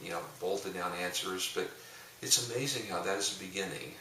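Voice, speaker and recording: Deep-voiced jokey man, roomy distant sound. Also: brisk, bright, forceful tone. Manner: jokey, rambling, with frequent restarts. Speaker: pastor and coach. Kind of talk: casual storytelling talk. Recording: roomy echo, distant mic, faint hiss.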